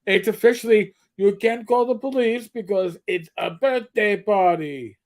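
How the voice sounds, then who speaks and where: A man's voice: high-pitched, a little slow. Rambling middle-aged male co-host. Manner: rambling storyteller, joking, frequent restarts. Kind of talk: casual livestream chat.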